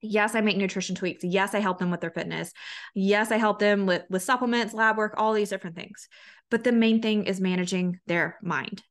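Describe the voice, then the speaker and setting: A woman's voice: medium pitch, fairly even intonation, normal speed. A woman hosting a solo podcast as a health coach, talking in an earnest, conversational way with frequent restarts.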